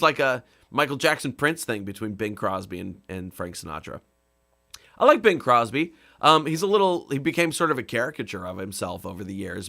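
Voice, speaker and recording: A man casually chatting with viewers on his live stream, rambling with many fillers and breaking into comic songs in a rough voice. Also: medium pitch, sharp tone. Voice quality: rough singing voice. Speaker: comedy musician hosting a live stream.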